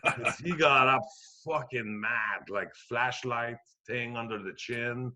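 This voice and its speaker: Bright-voiced man telling a profane story. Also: medium pitch, takes it slowly. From Quebec, Canada. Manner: profane, animated, acts out other voices. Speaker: podcast guest comedian. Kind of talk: storytelling anecdote.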